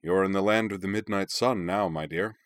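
A man voicing a cheerful, kindly middle-aged father in an audiobook reading, with a deep voice. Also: brisk, no room sound, studio quality, natural voice. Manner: cheerful, friendly.

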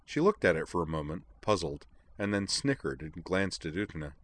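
A man reading a story aloud as narrator, with steady, even delivery. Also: low-pitched, a little fast.

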